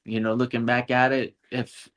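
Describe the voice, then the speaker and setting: A man telling a story in a casual podcast chat, in a relaxed way, laughing often. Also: mid-range voice, moderate pace, lo-fi sound. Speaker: podcast guest.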